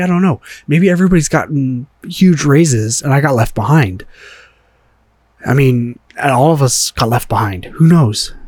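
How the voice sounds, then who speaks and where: A frustrated man hosts a solo opinion rant, swearing and hammering the same rhetorical questions again and again. His voice sits a little higher than most men's. The sound is dry and close, with no room echo. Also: darkish tone. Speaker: podcast host.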